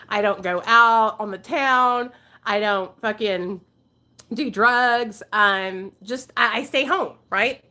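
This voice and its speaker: A woman's voice: mid-range voice, slow, pushed and bright. A woman in her forties hosting a casual livestream chat, talking candidly and rambling, swearing freely. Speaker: channel host.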